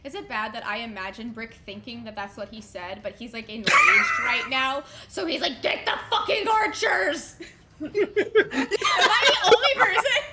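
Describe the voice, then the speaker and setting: A woman running a tabletop role-playing game as game master, chatting casually with quick, lively, laughing asides. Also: fairly high pitch, very noisy.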